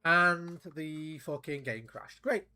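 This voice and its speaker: A man's voice: a little high, slow pace, bright, forceful tone, clear, resonant tone. A man streaming a video game, chatting casually in a rambling, profane way, with restarts. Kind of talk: casual gameplay commentary.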